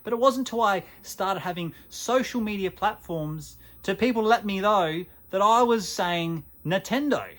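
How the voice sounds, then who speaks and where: Chatty Aussie man vlogging, pitched a bit high. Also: normal speed, hardly any pauses. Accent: Australian. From Australia. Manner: chatty, self-mocking, animated. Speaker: gaming channel host. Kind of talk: casual vlog to camera.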